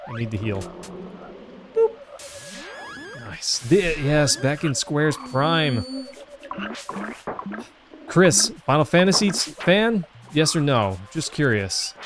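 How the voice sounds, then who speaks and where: A man's voice: fairly high pitch, sing-song, slow pace, pauses often, music in the background. A man with a Southern US accent streaming a retro game, chatting casually and rambling to his chat with many fillers. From Southern United States. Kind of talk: casual live-stream chat while gaming.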